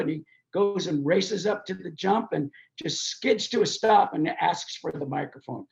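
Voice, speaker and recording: Gravelly older man telling lively stories. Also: high voice, normal speed, hardly any pauses, lo-fi sound. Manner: animated, acts out quoted voices while telling anecdotes. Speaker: guest, race promoter. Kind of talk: storytelling in a podcast interview.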